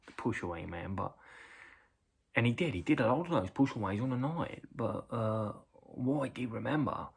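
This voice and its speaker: A middle-aged man with an English accent spins a loose, rambling story, full of "uh"s, and he breaks into loud acted quotes. His voice has a gravelly, husky edge to it. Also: mid-range voice, animated, normal speed. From England. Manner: rambling anecdote with many fillers, jumping into loud acted quotes. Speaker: vlogger reacting to a video. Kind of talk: casual storytelling.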